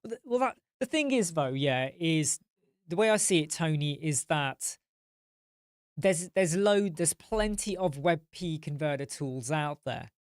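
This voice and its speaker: A man's voice: fairly high pitch, lively intonation, unhurried, smooth, no room sound, studio quality. A man hosting a casual live chat, tired and yawning, rambling as he answers viewer comments.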